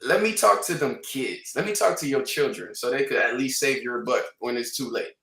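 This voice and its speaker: Man, trading livestream panelist, animated, slangy, repeats for emphasis, bright forceful voice, roomy, off-mic. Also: mid-range voice, normal speed, creaky, distant mic. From Canada. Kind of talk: casual livestream panel talk.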